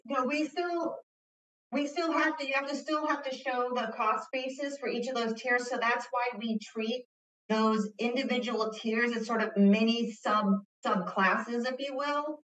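A woman's voice: fairly high pitch, unhurried, a bit bright. Woman consultant listing things step by step, far off mic, echoey and muffled. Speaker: rate consultant. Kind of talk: public meeting explanation. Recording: distant, roomy, dull lo-fi audio.

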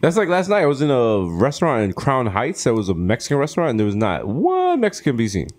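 A man from the Bronx with a New York accent, co-hosting a casual comedy podcast, joking in slang and acting out quick quoted voices. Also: medium pitch, wildly swooping pitch, a little mellow. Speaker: podcast co-host.

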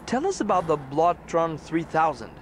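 A man's voice: on the high side, big pitch swings, normal speed, a little hiss or hum. A man voicing a stiff, formal, earnest male federal agent in a video game. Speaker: game character.

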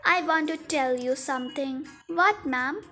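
A woman's voice: high-pitched, a little slow, pushed and bright, a little hiss or hum. A woman voicing a rude, huffy woman customer in a toy cafe role-play. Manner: rude and scolding.

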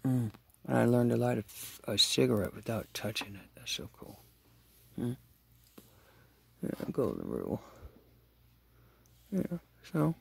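Gravelly, husky man rambling in a monologue. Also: mid-range voice, no room sound. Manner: rambling, talks aloud to a late father, loudness swings widely. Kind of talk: rambling emotional vlog monologue.

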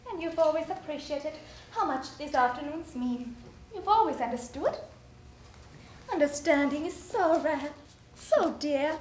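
Here is a poised wife who coolly deflects and soothes. Her voice is very high and swings widely in pitch. The stage recording is strongly echoey. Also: animated, measured pace, a little mellow. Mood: soothing. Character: evasive, coaxing wife, poised and coolly teasing. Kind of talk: stage play performance. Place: theater stage. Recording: very echoey theater, faint noise.

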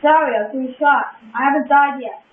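Woman, gamer, excitable, trash-talking, very high voice, phone-like audio. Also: a little fast. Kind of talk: casual gameplay chat. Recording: tinny lo-fi audio with echo and hiss.

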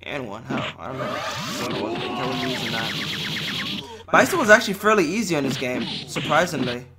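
A man's voice: medium pitch, very animated, brisk, loud music behind the voice. A man giving offhand, wry gameplay commentary as a channel host, swearing freely. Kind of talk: casual gameplay commentary voice-over. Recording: loud noise under the voice.

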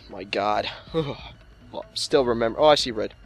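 A man's voice: medium pitch, measured pace, gravelly, soft background music. Profane man cursing at a video game. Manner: profane, talks back to the game with exasperated outbursts. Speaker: let's play gamer. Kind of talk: casual game commentary.

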